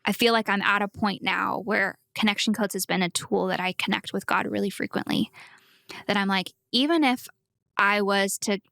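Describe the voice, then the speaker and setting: A woman talks reflectively on a close, dry mic, with no room sound around her voice. She tells a personal prayer story in an earnest voice at a middling pitch. She sometimes acts out quotes or drops to a soft whisper. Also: normal speed, vocal fry, no echo. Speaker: podcast guest. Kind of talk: casual faith discussion.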